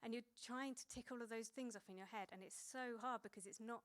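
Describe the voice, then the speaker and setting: A woman's voice: on the high side, a little fast. A woman in her thirties preaching a sermon in a conversational way, with many fillers and restarts.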